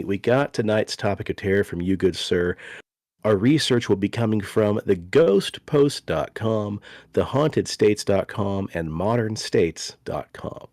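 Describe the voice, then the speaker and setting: Man, podcast host, casual chat, lowish voice, dry close sound. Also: unhurried, darkish tone, no room sound. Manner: loose and chatty, swears casually.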